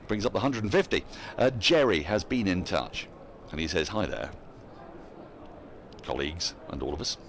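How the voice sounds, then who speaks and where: A man's voice: sits low, expressive, normal speed. A man giving live cricket commentary in a chatty way, laughing often and reading out listener emails between the play.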